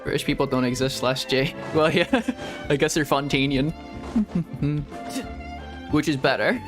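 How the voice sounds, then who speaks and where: A man's voice: on the high side, takes it slowly. A man streaming a game as a VTuber, chatting casually and playfully with frequent laughs and joking asides. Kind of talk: casual gaming commentary. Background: game music.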